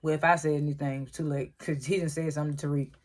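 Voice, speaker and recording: This is a relaxed, talkative reviewer walking through a TV episode scene by scene. The voice sits at an ordinary middle pitch. The delivery is loose and conversational, with frequent laughter as each scene is retold. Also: racing. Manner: chatty, laughs often, retells scenes with "he was like". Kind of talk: casual spoken recap review.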